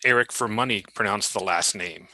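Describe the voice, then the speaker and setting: A man's voice: lowish voice, normal speed, sharp tone, poor audio. A man on a call, teasing the host and laughing along. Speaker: guest on call.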